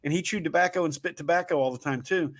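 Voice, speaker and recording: A man's voice: fairly high pitch, fast talker. A man with a Southern Ohio accent, hosting a casual livestream talk and telling rambling, folksy stories. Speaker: show host.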